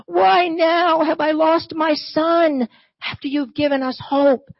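A woman's voice: very high voice, lively intonation, a little slow, dry recording, muffled recording, voice pushed up, full character voice. A woman voicing a grieving widow who has just lost her son, asking anguished, pleading questions.

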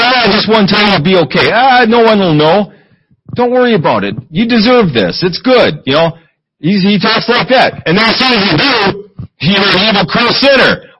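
A man's voice: high voice, bright, forceful tone, slightly rough, low-quality recording. A man preaching a conversational sermon, reading scripture between plain explanations. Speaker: pastor.

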